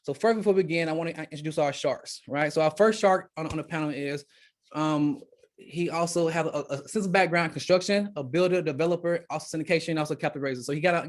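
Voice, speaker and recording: Brief: rapid, rambling male webinar host on a video call, higher voice. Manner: rambling, restarts often. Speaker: event host. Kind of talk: casual live webinar hosting.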